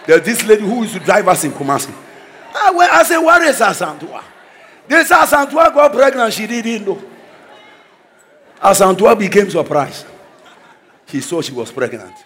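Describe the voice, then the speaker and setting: High, lively preacher man. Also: moderate pace, pauses often, a crowd in the background, background noise. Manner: exclaiming declarations, swinging between soft asides and shouts. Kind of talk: energetic sermon with storytelling.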